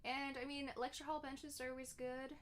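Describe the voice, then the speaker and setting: A chatty young woman streamer talks through her gameplay in a relaxed, casual way, giggling and often stopping to correct herself. Her voice sits fairly high for a woman. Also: moderate pace, a little hiss or hum. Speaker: gaming streamer.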